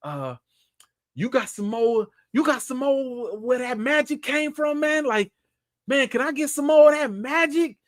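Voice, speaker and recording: A man's voice: very high voice, animated, measured pace, no room sound, clean studio sound, voice pushed up. A man playing a pleading, cocky young man. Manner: pleading, casual slang. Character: cocky young man begging for more power.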